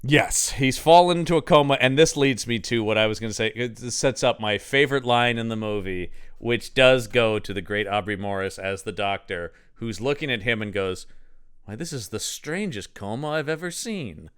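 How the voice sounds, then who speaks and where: A man co-hosting a podcast, talking casually and lively about a bad movie, swearing and laughing as he goes. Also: lowish voice, normal speed, hardly any pauses, smooth. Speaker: podcast co-host. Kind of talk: casual movie-review chat.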